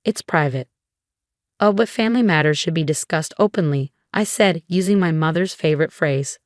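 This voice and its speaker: A woman reading a scripted first-person story in an even, measured way. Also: low voice, no echo, clean studio sound.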